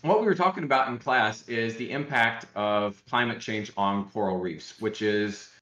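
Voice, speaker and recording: A man's voice: fairly low pitch, normal speed, a bit bright, reverberant, muffled recording. A man from Alabama, a guest educator, chatting casually on a podcast in a rambling, joking way with lots of fillers and restarts.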